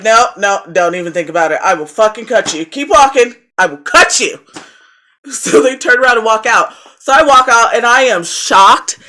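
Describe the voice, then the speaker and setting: A young adult woman telling a movie review story in a casual vlog, profane and animated. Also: medium pitch.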